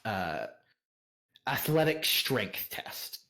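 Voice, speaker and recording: A man narrating a tabletop role-playing game as game master, animated and often laughing. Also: fairly low pitch, slow pace, creaky.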